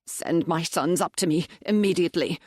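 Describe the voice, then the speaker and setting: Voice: mid-range voice, moderate pace, darkish tone, no echo, clean studio sound, lightly acted. A narrator voicing a frightened, breathless elderly viscount in an audiobook, gasping out his lines. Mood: panicked. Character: panicking, wheezing old male viscount.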